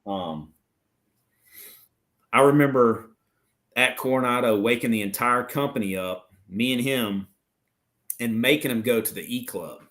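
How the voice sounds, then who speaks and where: A man's voice: medium pitch, a little slow, long pauses, fairly bright tone. A middle-aged man, a retired Marine officer, telling blunt, profane stories in a casual interview. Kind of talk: casual storytelling chat.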